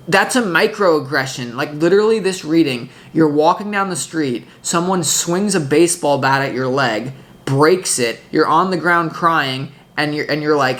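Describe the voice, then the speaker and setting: Intense tarot reader rambling on, restarts a lot, mid pitch, swears now and then. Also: moderate pace, few pauses, fairly bright tone. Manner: swearing, emphatic. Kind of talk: casual tarot reading.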